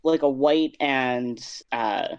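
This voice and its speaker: A man's voice: medium pitch, slow, clean tone, no room sound, muffled recording. A man, a makeup artist and vet tech, telling a story at an easy pace in a casual interview, with many "um"s. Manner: relaxed storytelling with "um"s.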